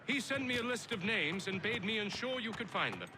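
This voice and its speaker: An actor playing an earnest, deferential young officer in a video game, speaking formally. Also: male voice, high voice, animated, a little fast, noisy background. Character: earnest young male officer, eager to please.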